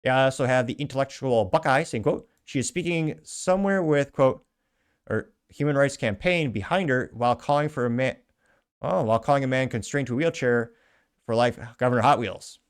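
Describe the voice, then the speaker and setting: A male host working through a list of viewer comments on his show. He reads each one out, then tacks on dry, offhand asides in a conversational voice at an everyday pitch. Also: brisk, clean tone. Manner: wry, offhand asides with chuckles.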